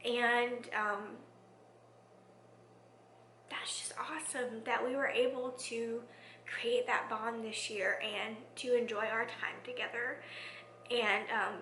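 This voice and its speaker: A woman schoolteacher talking in a reflective vlog, soft and heartfelt, often dropping to a near whisper. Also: fairly high pitch, fairly even intonation, slow pace, long pauses, slight background noise. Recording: echoey room.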